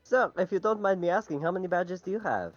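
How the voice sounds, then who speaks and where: A man's voice: high voice, animated, fast, no echo, muffled recording, soft background music. A man playing a tabletop game, speaking in a cheery, mock-polite way. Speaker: player. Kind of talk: casual chat.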